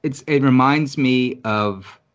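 A man from New York City telling stories in casual conversation, rambling, swearing often and getting animated. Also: mid-range voice, slow pace, lo-fi sound. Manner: rambling, profane, animated storytelling. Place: Virginia.

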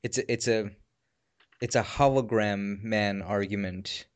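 A man's voice: on the low side, fairly even intonation, a little slow. A man in casual chat who talks thoughtfully, searching for words and restarting as he goes.

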